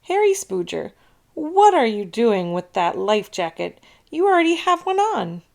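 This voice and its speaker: A kindly storybook schoolteacher who chides gently and patiently, her voice swinging up in lively surprise, as a woman reads her. She talks slowly, with a creaky edge. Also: fairly high pitch, pitched above the performer's own voice, exaggerated voice. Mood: gentle.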